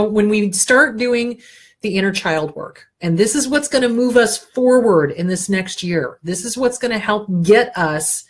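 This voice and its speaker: A middle-aged woman therapist giving blunt, animated advice to viewers in a casual talk, acting out quoted inner voices. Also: medium pitch, breathy edge. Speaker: therapist host answering viewer questions.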